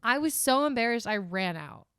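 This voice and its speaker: A woman's voice: fairly high pitch, lively intonation, moderate pace, a bit bright, smooth, no room sound, clean studio sound. A woman with a Californian accent co-hosting a casual podcast chat, rambling, swearing freely and laughing easily. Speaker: podcast co-host.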